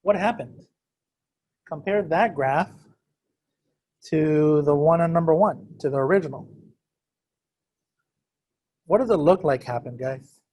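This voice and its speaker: Unhurried and pausing often, a man with a fairly high, slightly mellow voice leads a math lesson for students both in the room and on a video call. His style is casual and joking, self-deprecating, and he keeps putting questions to the students.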